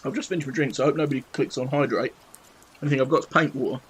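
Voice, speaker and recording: A man's voice: medium pitch, steady tone, rapid-fire, slight background noise, poor audio. A British man in his thirties chatting cheekily and swearing playfully while painting on a live stream at his home desk. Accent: British English. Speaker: livestreamer painting models.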